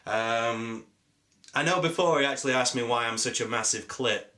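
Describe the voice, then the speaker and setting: A young British man rambles through viewer questions in a casual Q&A, joking in a deadpan way and filling gaps with ums. His voice is bright and a little forceful, even with a sore throat and a cold. His pitch sits in a middle range for a man. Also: normal speed. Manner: jokey, deadpan, full of ums and asides. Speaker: YouTuber answering viewer questions.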